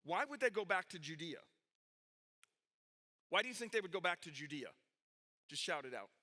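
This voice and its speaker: A man's voice: high voice, normal speed. A man preaching a sermon, reading from the Bible, explaining it with a map and asking his listeners questions. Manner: animated, with restarts, questions to the audience. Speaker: pastor teaching a youth group.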